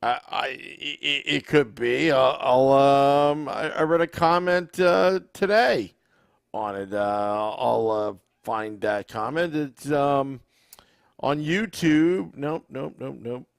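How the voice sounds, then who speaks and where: A man's voice: medium pitch, slow pace, vocal fry, clean tone, no echo, studio quality. A man hosting a sports podcast, talking easily and hesitantly with many restarts. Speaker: podcast host. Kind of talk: casual podcast chat.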